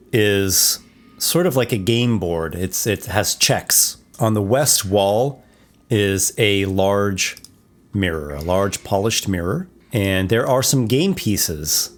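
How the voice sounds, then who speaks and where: A man acting as game master, describing a dungeon room in a relaxed, descriptive way with frequent small restarts. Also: on the low side. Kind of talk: narrating a tabletop game.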